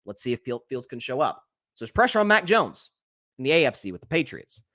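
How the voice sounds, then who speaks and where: A man hosting a sports talk show, giving opinionated solo commentary in an animated way, with frequent restarts. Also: mid-range voice, fairly quick.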